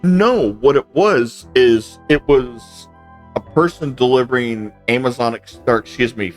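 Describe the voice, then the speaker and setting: A man in casual chat over a game, spinning a long, meandering complaint and switching between his own voice and the people he quotes. His pitch sits right in the middle for a man. Soft game music plays faintly underneath. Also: a little slow. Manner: rambling storyteller, acts out both sides of quoted exchanges. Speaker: gaming channel host. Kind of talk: casual chat while gaming.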